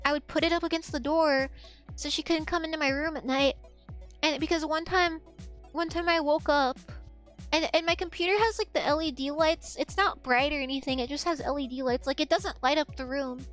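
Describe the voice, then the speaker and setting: Very high-voiced woman telling stories. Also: brisk, faint music behind. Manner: animated, profane, laughing storyteller. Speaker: streamer. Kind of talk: casual storytelling on a livestream.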